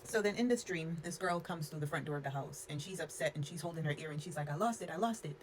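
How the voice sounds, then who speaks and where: A young woman rattles through a personal storytime at a quick clip, frank and unfiltered, leaning on "like" as she goes. Her voice sits low for a woman. A faint hiss runs underneath. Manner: frank, unfiltered, sprinkles in "like" and cussing. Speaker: storyteller vlogger. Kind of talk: casual storytime.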